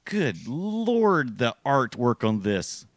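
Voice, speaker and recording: Animated, joking male podcast co-host. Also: medium pitch, slow, no echo, clean studio sound. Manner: animated, jokey, theatrical outbursts. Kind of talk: casual podcast chat.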